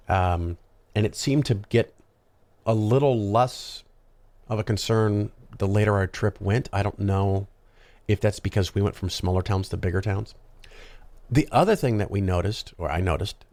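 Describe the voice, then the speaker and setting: Low, gravelly man rambling casually. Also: a little mellow, no room sound. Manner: rambling, conversational, frequent ums and asides. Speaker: podcast host. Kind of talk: casual solo monologue.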